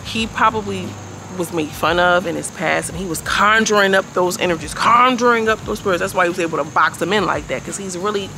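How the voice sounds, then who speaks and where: Gravelly woman recapping outdoors, street noise. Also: on the low side, brisk, pushed and bright, poor audio. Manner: chatty, blunt, slangy, addresses viewers directly. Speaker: YouTube reality-show reviewer. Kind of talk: casual commentary recap.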